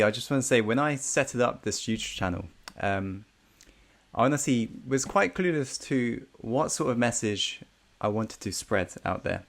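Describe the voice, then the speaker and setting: A man's voice: mid-range voice, gravelly, a bit bright. A man hosting an interview channel, talking casually and hesitantly with many fillers.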